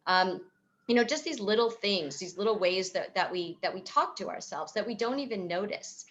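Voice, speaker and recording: A woman's voice: mid-range voice, expressive, normal speed, fairly bright tone. A woman psychotherapist speaking at a virtual event over a video call, answering questions in a thoughtful, explanatory way with frequent fillers and restarts. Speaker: psychotherapist and author.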